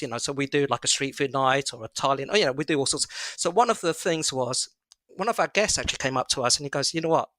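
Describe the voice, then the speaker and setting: Male guest, upbeat anecdote teller, crisp and dry, slightly high-pitched. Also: no room sound. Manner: animated, acts out customers' voices in anecdotes. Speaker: restaurant co-founder, guest. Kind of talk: casual interview storytelling.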